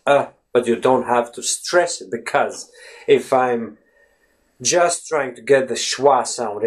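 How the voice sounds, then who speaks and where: Man explaining sounds with many pauses. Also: medium pitch. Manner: relaxed, thinks aloud with many fillers and repeats example words. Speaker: English teacher, channel host. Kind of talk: casual spoken lesson answering a viewer.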